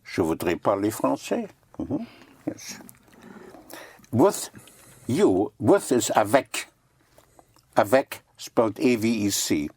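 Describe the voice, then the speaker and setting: A man's voice: fairly low pitch, big pitch swings, takes it slowly, long pauses, a little mellow, breathy edge. A man teaching French vocabulary, patiently repeating each word and spelling it out letter by letter. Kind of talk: language lesson.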